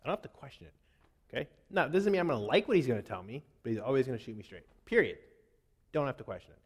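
A man in his thirties giving a testimony in a sermon, telling a story with animated swings between loud and soft, then reciting a poem. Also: mid-range voice, rapid-fire, husky. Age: 30s. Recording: long hall reverb.

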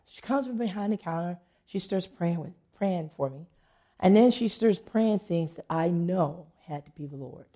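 Woman pastor, sermon, husky gravelly voice, animated storytelling. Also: mid-range voice. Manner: animated testimony, acting out quoted voices.

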